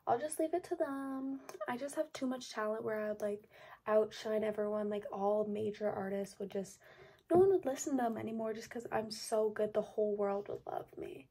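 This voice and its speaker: A woman's voice: medium pitch, moderate pace, dark tone, husky. A young woman chatting casually to camera at home, rambling and mocking herself, with sudden whispered asides. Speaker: vlogger.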